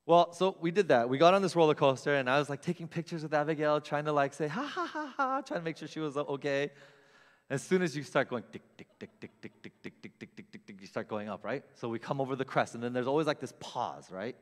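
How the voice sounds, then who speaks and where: A man's voice: on the high side, quick pace, long reverb tail. A man in his thirties telling a funny personal story in a self-mocking way, acting out voices and sounds.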